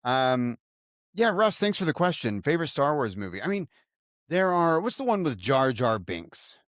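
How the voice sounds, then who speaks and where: Male co-host, playful and teasing, animated pitch, dry close mic. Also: normal speed, no room sound. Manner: playful, teasing, swears casually. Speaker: podcast co-host. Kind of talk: casual chat.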